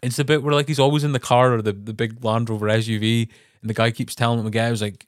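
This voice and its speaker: North east english guy chatting on a video call, laughs a lot, mid pitched voice, dead dry sound. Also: fast, few pauses, no room sound. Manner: animated, laughs often, acts out quotes in funny voices. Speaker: podcast co-host. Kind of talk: casual chat.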